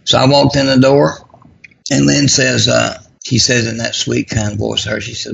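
A man telling a personal story in a folksy, self-deprecating way, with a gravelly voice. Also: medium pitch, flat delivery, moderate pace, fairly bright tone, highs cut off, slight background noise. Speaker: guest.

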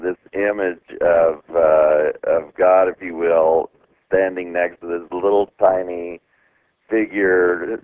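A man's voice: low voice, no room sound. A man co-hosting a talk radio show, telling stories in a rambling way with many fillers and chuckles. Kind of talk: casual storytelling chat. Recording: dry phone-line sound.

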